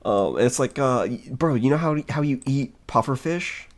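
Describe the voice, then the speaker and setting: A man's voice: mid-range voice, lively intonation, normal speed. A young man streaming, giving crude, rambling, joking commentary while reading. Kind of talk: casual gaming commentary.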